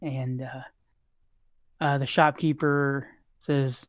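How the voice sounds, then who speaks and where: A game master narrates a tabletop game casually and leans on fillers between phrases. The voice sits at mid pitch. The recording is dry and close. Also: measured pace, no room sound.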